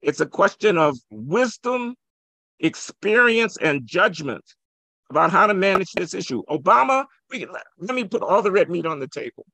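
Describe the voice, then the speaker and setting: Gravelly, high-voiced man arguing hard. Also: sing-song, moderate pace, no room sound. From Chicago, USA. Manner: forceful, provocative, holds the floor. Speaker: guest economist. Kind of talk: impassioned podcast debate.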